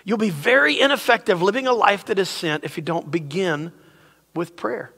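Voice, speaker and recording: The drawling, middle-aged male preacher's voice sits high and is creaky, sharp, and edged with breath, moving at a moderate pace. His casual sermon is full of jokes and call-and-response with the congregation, recorded in a sanctuary with long hall reverb.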